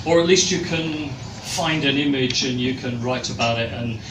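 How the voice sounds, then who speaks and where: A man reading his comic poems live, with a dry, measured delivery and hesitant fillers. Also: mid-range voice. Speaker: guest author and poet. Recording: echoey room, far mic, noisy.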